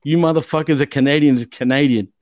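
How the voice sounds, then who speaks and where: A man's voice: fairly high pitch, steady tone, fast, darkish tone. A man hosting a podcast in casual chat, rambling and swearing, with frequent "you know what I mean". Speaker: podcast host.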